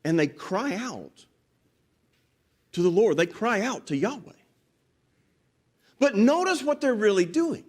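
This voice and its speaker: A man preaching a sermon, expressive, acting out quoted people as he talks. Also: slow pace, long pauses, slightly rough. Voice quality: animated, voices quoted people dramatically. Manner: expressive, rises and drops pitch for emphasis.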